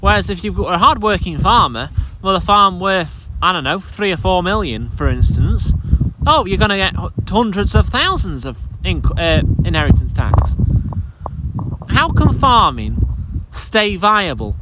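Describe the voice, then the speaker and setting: A fairly high-voiced man, a dairy farmer, rants to camera in an exasperated vlog. He is blunt and keeps restarting his sentences. Loud background noise and passing vehicles fill the recording. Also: big pitch swings, measured pace. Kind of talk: angry vlog rant to camera.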